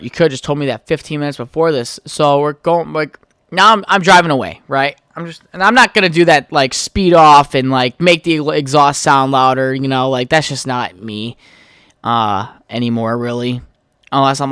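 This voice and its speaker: A man's voice: mid-range voice, fairly bright tone, clean tone, no echo, clean studio sound. Profane ranting man on a podcast. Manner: profane, heated storytelling, trails off while texting. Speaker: podcast host. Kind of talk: casual solo podcast rant.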